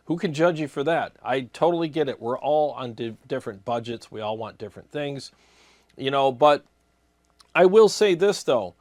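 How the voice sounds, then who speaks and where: A man's voice: medium pitch, no room sound. A man hosting a guitar gear channel, answering viewer comments in a casual, rambling way with many fillers and restarts.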